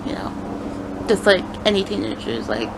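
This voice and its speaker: A woman's voice: fairly low pitch, very animated, fairly quick. A young woman talking casually and rambling through a storytime vlog, with lots of fillers and self-corrections. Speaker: vlogger. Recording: clear background noise.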